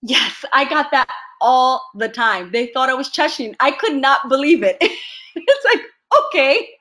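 A woman from the United States, an actress and interview guest, telling lively stories in a casual chat and laughing often. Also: sits high, a little slow.

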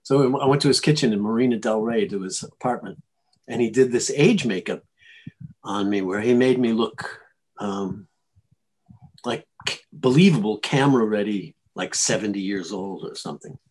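A male actor telling stories in a casual interview, animated and chuckling, often restarting his sentences. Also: on the low side, moderate pace, a little hiss or hum. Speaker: actor guest.

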